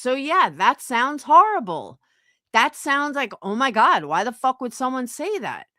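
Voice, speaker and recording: Woman, stream host, angry, profane, bright lively voice. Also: on the high side, no echo, studio quality. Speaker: livestream host. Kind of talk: heated casual chat.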